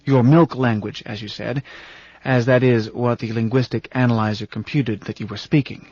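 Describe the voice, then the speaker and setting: A man voicing a courteous, formal male chairman in an audiobook, speaking in a polite, precise, measured way. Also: medium pitch, fairly even intonation, darkish tone, husky, dry recording. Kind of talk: audiobook character reading. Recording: dull, dry studio recording.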